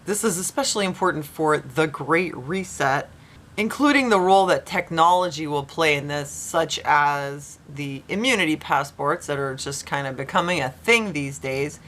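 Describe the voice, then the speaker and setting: Low-pitched woman vlogger reading news out loud, sarcastic side comments, mocks the quotes. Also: expressive, moderate pace. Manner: sarcastic, skeptical asides; reads quotes in mocking voices.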